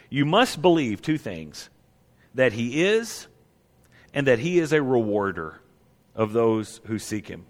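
A man preaching a sermon in a conversational manner, checking in with his listeners by asking "right?". His voice sits at a middling pitch. A long reverb from a large church hall follows his words. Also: a bit bright. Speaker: pastor.

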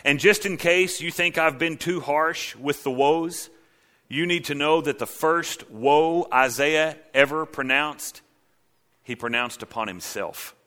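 Male pastor, sermon delivery, bright tenor-leaning tone, dramatic dynamic swings. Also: a little slow. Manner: dramatic preaching, swings from low hushed lines to loud cries.

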